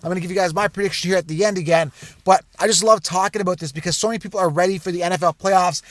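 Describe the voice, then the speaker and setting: Male sports host with a raised pitch, recorded dry and close, ranting casually to camera. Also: rapid-fire, dry recording. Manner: animated, conspiratorial, repetitive asides. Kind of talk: casual direct-to-camera rant.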